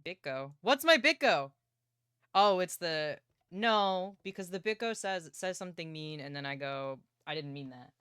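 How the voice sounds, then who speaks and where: A young woman livestreaming from her partner's home setup, chatting excitedly and playfully about books and swearing casually. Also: on the low side, a little slow, clean tone, no room sound, studio quality.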